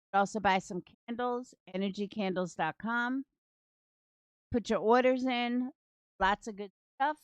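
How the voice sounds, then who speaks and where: A woman's voice: a little high, clear, resonant tone, dry recording. A woman doing casual livestream commentary from home, blunt, profane and sarcastic toward her targets. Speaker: true crime commentary streamer.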